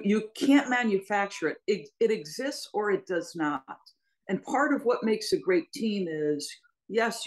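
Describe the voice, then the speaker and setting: A woman's voice: on the low side, rough recording. Storytelling woman sports broadcaster. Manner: storytelling, warm laughs between lines, emphatic. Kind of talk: casual podcast chat.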